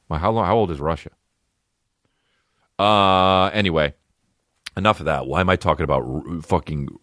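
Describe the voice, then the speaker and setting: A man in his thirties rants through a comedy podcast in a low voice that keeps leaping up into loud, mocking highs. His delivery is crude, animated and full of swearing. The sound is dry and close, with no room around it. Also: no room sound. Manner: loud, profane, animated, jumps into high mocking pitch. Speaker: podcast host.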